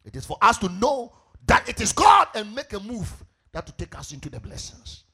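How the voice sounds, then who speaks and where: A Ghanaian man preaching a sermon as pastor, asking the congregation questions and rising into shouted, sing-song swells. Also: high-pitched, big pitch swings, moderate pace, slightly rough.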